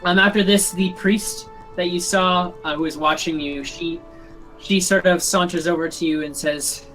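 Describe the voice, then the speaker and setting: A woman's voice: lowish voice, fairly even intonation, normal speed, a bit bright, soft background music, rough recording. Rambling woman game master. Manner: filler-heavy, loose narration. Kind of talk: narrating a tabletop game. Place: online voice chat.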